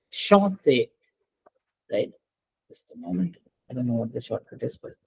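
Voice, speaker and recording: A woman leads an online French lesson with a patient, checking manner. Her voice is mellow and a little husky, coming through a video call. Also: low-pitched, dry recording, low-quality recording. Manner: patient, repeats and checks with students. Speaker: French teacher. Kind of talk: online class teaching.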